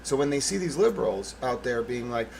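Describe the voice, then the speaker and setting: A man's voice: medium pitch, sing-song, a little fast, gravelly, a little mellow, a little hiss or hum, low-quality recording. A man hosting his own channel, delivering a blunt, profane, sarcastic political monologue. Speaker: channel host.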